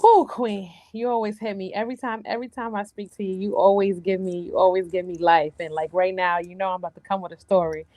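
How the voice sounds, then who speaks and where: Lively woman host, effusive, dry close recording. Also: medium pitch, no room sound. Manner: lively, effusive, quick bursts of excited retelling. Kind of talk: casual talk show chat.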